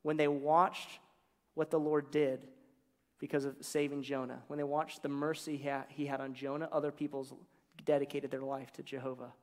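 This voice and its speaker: A man's voice: medium pitch, flat delivery, moderate pace, long reverb tail. A man preaching a sermon, retelling scripture in a casual, humorous storytelling way with slangy asides.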